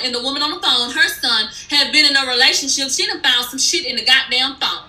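Sharp, bright-voiced woman ranting in a recap. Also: high voice, moderate pace, few pauses, echoey room, a little hiss or hum, rough recording. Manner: blunt, heated, swears freely. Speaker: reality TV recap vlogger. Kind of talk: casual profane storytelling recap.

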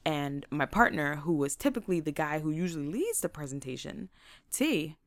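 A young woman casually telling her own stories in a lively, motivational way, laughing often and acting out what she said back then. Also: low-pitched, moderate pace, no echo. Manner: faith-inflected, motivational.

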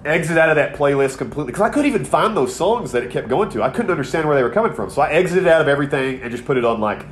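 A man's voice: on the high side, lively intonation, rapid-fire, slight background noise. A man in his thirties co-hosting a podcast, telling a long, rambling, profane story in casual chat. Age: 30s. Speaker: podcast co-host.

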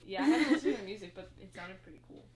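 A young woman tells a story in a loose, rambling way, full of fillers and little acted-out quotes. Her voice sits at a middle pitch and carries the echo of a roomy space. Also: lively intonation, very fast, darkish tone. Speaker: podcast co-host recapping a movie. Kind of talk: casual chat.

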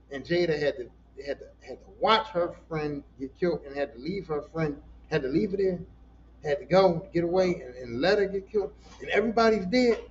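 Animated high-voiced man ranting on a podcast. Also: muffled recording. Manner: animated, profane, emotional storytelling. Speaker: podcast host. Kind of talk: casual solo podcast talk.

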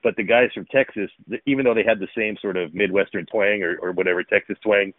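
A man's voice: fairly low pitch, steady tone, fast talker, dry recording. A man co-hosting a casual talk show, rambling with many fillers and restarts. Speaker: podcast co-host, former pro baseball player. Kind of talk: casual chat. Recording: phone-like narrow sound.

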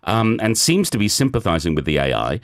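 A man's voice: on the low side, big pitch swings, brisk. Male radio host summing up a story. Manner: explains the story plot step by step. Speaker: radio book show host. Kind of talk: radio book discussion. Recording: music playing underneath.

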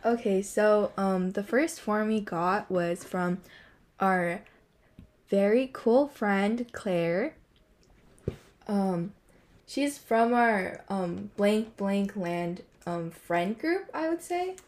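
Slow, hesitant teenage girl. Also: mid-range voice, animated, a little mellow. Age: teens. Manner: slow, hesitant, many fillers and giggles. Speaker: podcast co-host. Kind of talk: casual chat.

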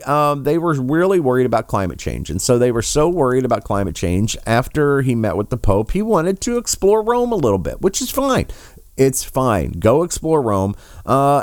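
A man's voice: lowish voice, a little mellow, smooth, no room sound, studio quality. A man giving sarcastic, mocking political commentary, swearing freely as he rants. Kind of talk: ranting commentary.

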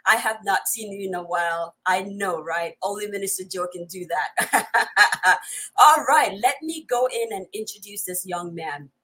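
Husky-voiced woman hosting a lively live stream. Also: mid-range voice, normal speed, low-quality recording. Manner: energetic, greets viewers in many languages, laughs often. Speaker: host of a live online talk show.

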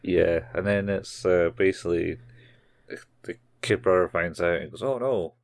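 A man's voice: sits low, moderate pace, gravelly. A man co-hosting a podcast, casually retelling scenes from a show in a laid-back way and laughing often. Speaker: podcast co-host. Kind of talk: casual chat recapping a show.

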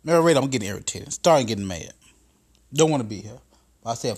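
A man's voice: mid-range voice, animated, fast, long pauses, darkish tone, slightly rough. A man hosting a podcast, telling a profane comedic story in a casual monologue that builds into exasperated rants. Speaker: podcast host.

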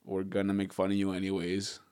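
A man's voice: low-pitched, completely flat delivery, fairly quick, darkish tone, clear, resonant tone, no room sound, studio quality. A man hosting a podcast in casual chat, rambling and profane, laughing often between thoughts. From Southern California.

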